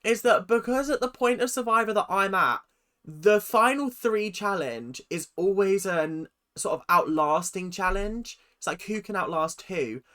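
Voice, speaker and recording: Excitable man reacting on camera. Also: sits high, unhurried. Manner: excitable, swears often, talks back at the screen. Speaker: reaction channel host. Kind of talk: casual reaction commentary.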